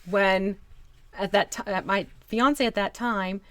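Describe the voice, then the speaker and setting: A woman's voice: mid-range voice, steady tone, takes it slowly, fairly bright tone, dry recording. A woman from the United States chatting casually with her live-stream audience while painting a miniature. She talks to the chat as she works and laughs often. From United States (Texas, then New Jersey).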